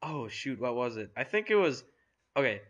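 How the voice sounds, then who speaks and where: A man's voice: mid-range voice, very animated, moderate pace, a bit bright, lo-fi sound. A teenage boy co-hosting a podcast, telling school stories in casual chat with lots of fillers and restarts. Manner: rambling storytelling with many fillers. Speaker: podcast co-host.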